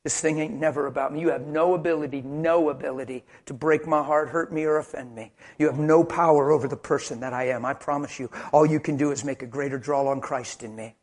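A man preaching a sermon with passion, swinging from loud, shouted exhortation to quiet, intense speech. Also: on the high side, steady tone, brisk, few pauses.

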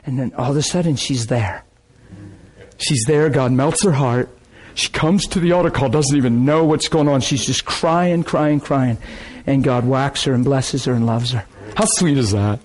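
Excitable preacher man telling a story. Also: medium pitch, moderate pace. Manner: excited storytelling, laughing and repeating himself. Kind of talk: sermon with testimony storytelling.

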